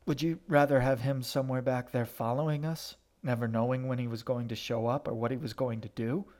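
A man doing a calm, mild older brother. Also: medium pitch, fairly quick, close to an everyday voice. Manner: mild and level. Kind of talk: audiobook character voice.

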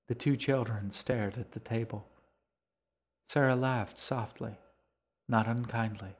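A man narrating his own novel in a podcast, reading in a measured, unhurried way. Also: mid-range voice, fairly even intonation. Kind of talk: scripted narration.

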